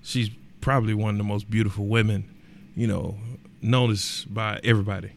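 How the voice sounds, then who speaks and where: A man's voice: lowish voice, fairly quick, vocal fry. Emphatic man ranting on a podcast. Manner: animated and emphatic, rising to loud exclamations; colloquial, repeats words for emphasis. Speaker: podcast host. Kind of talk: casual podcast rant.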